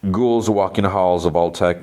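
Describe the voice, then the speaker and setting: A man's voice: deep voice, a little mellow. A man hosting a podcast, casually retelling a television episode scene by scene, full of "he's like" and small restarts. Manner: retells scenes loosely, lots of "he's like" and "kinda", quick restarts. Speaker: podcast host.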